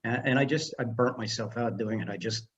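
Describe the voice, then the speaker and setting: A man's voice: mid-range voice, brisk, muffled recording, slight background noise. An older man, a film director and screenwriter, telling stories as a guest in a casual interview and acting out the dialogue. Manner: animated storyteller who acts out dialogue.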